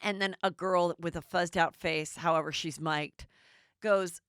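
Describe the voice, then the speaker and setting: A middle-aged woman hosting a podcast, recapping reality TV in a chatty, animated way. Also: lowish voice, moderate pace, clean tone, no room sound, studio quality. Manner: chatty, animated, does voices. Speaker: podcast host.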